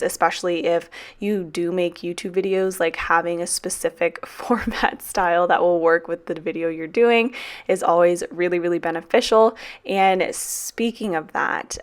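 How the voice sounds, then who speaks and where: A woman in her twenties chatting casually in a voiceover for her planner vlog. She is tired and drained, and she rambles and swears freely. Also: lowish voice. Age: 20s. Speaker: planner vlogger and teacher.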